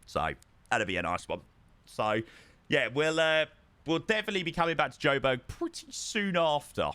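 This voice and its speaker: A man's voice: a little high, big pitch swings, normal speed, bright, forceful tone, no room sound. A young man streaming a flight sim, chatting casually and answering his viewers from a home setup. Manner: chatty, greets viewers, reads and answers chat. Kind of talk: casual live-stream chat.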